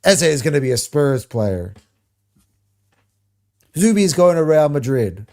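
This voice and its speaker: A slightly high-pitched man with a dark, mellow tone hosts a fan chat show. He rambles with excitement, swears freely and restarts sentences as he goes. He keeps an easy, casual flow throughout. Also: unhurried. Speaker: host of a football fan reaction show.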